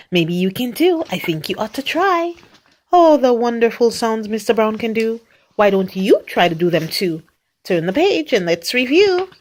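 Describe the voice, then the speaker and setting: Parent reading picture books aloud: woman, very lively pitch, fond of playful sound effects. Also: normal speed. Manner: playful, acts out animal noises and sound effects. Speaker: parent reading to a young child.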